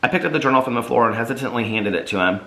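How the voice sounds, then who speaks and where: A man's voice: mid-range voice, animated, racing, pushed and bright, echoey room, low-quality recording. A man reading his own novel aloud in first person, earnest and emotional.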